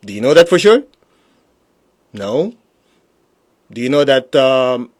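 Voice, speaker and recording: Husky, emphatic man teaching. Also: mid-range voice. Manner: emphatic, blunt, with rhetorical questions; mocks excuses with put-on quoted voices. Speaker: spiritual teacher. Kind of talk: live-streamed spiritual teaching.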